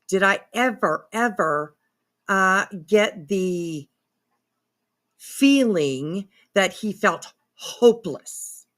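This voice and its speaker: A woman hosting her own reaction channel, speaking slowly and deliberately. She sounds openly incredulous and swears freely, breaking off now and then to chat to her cat. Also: medium pitch, bright, forceful tone. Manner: incredulous, profane, talks to her cat and viewers. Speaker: commentary channel host. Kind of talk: casual reaction commentary.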